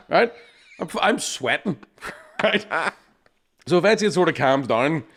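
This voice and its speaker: An Irish man telling a rowdy pub story in relaxed conversation. He swears freely, keeps asking "right?" and throws himself into the voices of the people he quotes, with a lively, bouncing pitch. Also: moderate pace, pauses often. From Ireland. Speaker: podcast co-host telling a story. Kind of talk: casual storytelling chat.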